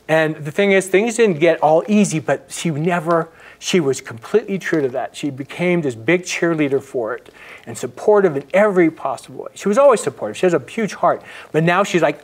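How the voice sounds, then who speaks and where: A middle-aged man, a guest in an interview, earnestly telling a personal story and often dropping his voice to a hush. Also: on the high side, expressive, fairly quick. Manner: earnest, narrates with acted quotes and frequent hushed drops.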